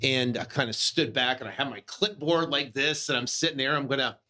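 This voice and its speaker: A man in his fifties, a real estate investor and podcast host, telling a first-person story in a casual, animated way, full of fillers and restarts. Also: mid-range voice, a little fast, noisy background. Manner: animated, many fillers and restarts, acts out his own reactions.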